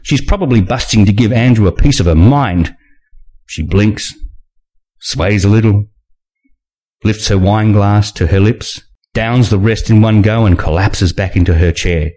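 A man reading a first-person thriller aloud in a wry, expressive way. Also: on the low side, a little slow. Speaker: audiobook narrator.

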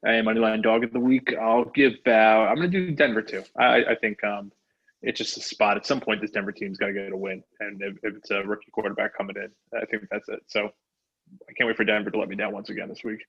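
A man co-hosting a podcast, making sports betting picks in a casual chat with a flat, subdued delivery. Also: lowish voice, fast, gravelly, slightly rough, dull audio. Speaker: podcast co-host.

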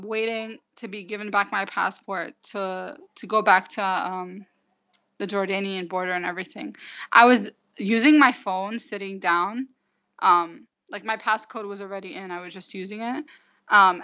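A woman in her twenties from the United States, recounting events in a halting way with many fillers and restarts. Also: medium pitch, pushed and bright. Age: 20s. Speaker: interview guest. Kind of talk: casual recounting. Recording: dull lo-fi recording.

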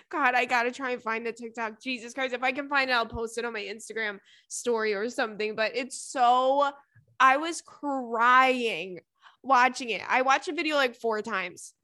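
A young woman hosting a casual podcast, telling dating stories and reading a listener's letter in an animated, giggly way. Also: on the high side, fairly quick, few pauses, dry recording, studio quality. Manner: animated, giggly storytelling with frequent fillers. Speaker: podcast host.

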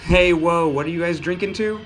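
A man putting on a loud chummy barmaid. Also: fairly high pitch, normal speed, soft background music, voice pushed up, natural voice. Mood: cheery, loud. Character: friendly woman barmaid at a rowdy bar.

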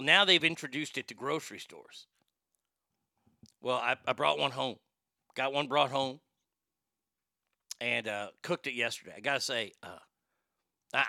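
A Texan man ranting casually about fast food, swearing a lot and stumbling over restarts. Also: mid-range voice, creaky, bright, forceful tone, no room sound, studio quality. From Texas. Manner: profane, rambling, stammering restarts. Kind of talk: casual rant.

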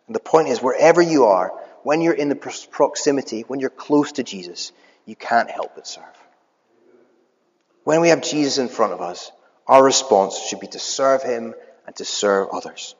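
A man's voice: mid-range voice, lively intonation, normal speed. A man preaching a sermon in a church hall, talking in a conversational way with some filler words. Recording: echoey hall, dull lo-fi.

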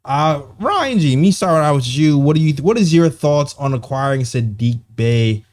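A man's voice: a little high, expressive, moderate pace, a little mellow. A man hosting a basketball show, talking in a loose, rambling way and laughing easily. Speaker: podcast host. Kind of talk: casual basketball chat.

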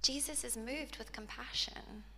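High, bright-voiced woman preaching. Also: unhurried, slight background noise. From South Africa. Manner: emotional, voice breaking into tears. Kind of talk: sermon, reading scripture aloud. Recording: long hall reverb.

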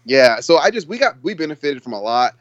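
A man co-hosting a casual football podcast, talking in an excitable, rambling way and laughing often. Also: a little high, brisk, highs cut off. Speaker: podcast co-host. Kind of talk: casual sports chat.

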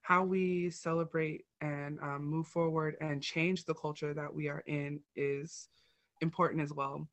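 A podcast co-host summing up a segment in casual chat, speaking in a measured, reflective way with fillers. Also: medium pitch, little pitch movement, fairly bright tone, no echo.

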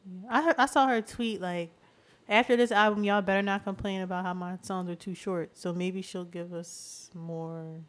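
A woman's voice: mid-range voice, fairly even intonation. A woman co-hosting a podcast, chatting playfully and casually with friends. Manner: chatty, playful, quick to tease. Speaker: podcast co-host. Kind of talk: casual chat.

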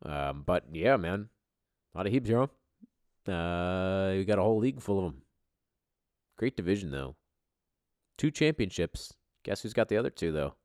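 A man with a very low voice hosting a podcast, bantering in a loose, profane way. His pitch swings widely as he gets excited and shouts. The sound is dry and close, with no room around it. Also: normal speed, long pauses, dry recording. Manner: excitable, swearing, jumps in volume. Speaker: podcast host.

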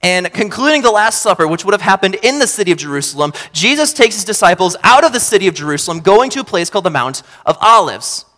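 A man preaching a sermon, swinging between loud emphatic bursts and quiet low asides. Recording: long hall reverb.

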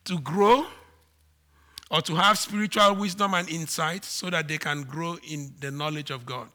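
A man preaching a sermon to his congregation, slow and emphatic, with dramatic swings in pitch and volume. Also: steady tone, sharp tone. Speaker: pastor.

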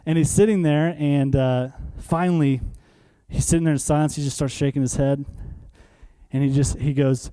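A male preacher gives a sermon in a church. His voice sits a little high yet sounds warm and mellow, with nothing sharp in it. He talks with the congregation, asking questions and answering them himself, and repeats key phrases to drive them home. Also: steady tone, moderate pace. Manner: conversational, asks the room questions and answers them.

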